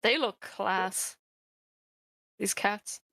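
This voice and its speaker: A woman playing a tabletop game, chatting casually and relaxed. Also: medium pitch, drawn-out words, creaky, no echo. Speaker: player.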